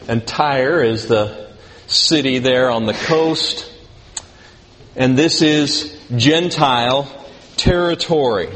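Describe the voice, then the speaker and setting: A male pastor preaching a sermon in a conversational way, asking the congregation questions and adding dry humor. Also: medium pitch. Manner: dry self-deprecating humor. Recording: long reverb in a hall, faint background noise.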